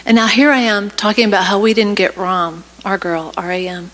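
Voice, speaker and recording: A woman's voice: medium pitch, steady tone, normal speed, a bit bright, poor audio. A woman speaking as a guest in a church service, telling a personal story and rising into passionate exhortation. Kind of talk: preaching testimony. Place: church sanctuary.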